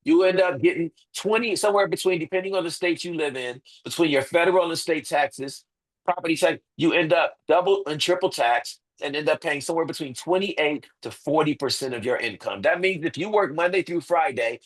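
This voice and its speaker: Husky man arguing emphatically. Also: on the high side, brisk, rough recording. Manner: emphatic, rhetorical questions, repeats points. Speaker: interview guest. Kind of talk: impassioned interview talk.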